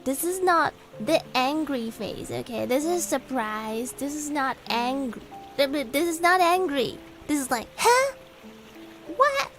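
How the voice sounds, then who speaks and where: Soft background music accompanies this VTuber as she streams and chats with viewers, giggling, bubbly, and reacting out loud to their messages. Her high, slightly bright voice moves a little slowly.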